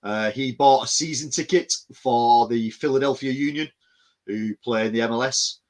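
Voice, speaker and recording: A man's voice: mid-range voice, normal speed. Casting: man, podcast host, rambling casual talker. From England. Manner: rambling, many restarts and "you know what I mean". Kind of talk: casual chat.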